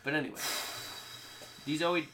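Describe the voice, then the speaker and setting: A man's voice: a little high, steady tone, moderate pace. A man co-hosting a casual podcast, explaining things hesitantly with lots of ums. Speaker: podcast co-host. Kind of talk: casual chat.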